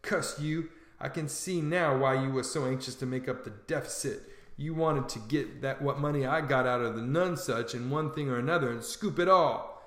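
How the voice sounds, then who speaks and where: A man voicing a sharp-tongued, scornful male swindler who calls himself a duke, in a storybook reading. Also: medium pitch, echoey room, close to an everyday voice. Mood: furious. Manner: scornful, brisk, sarcastic.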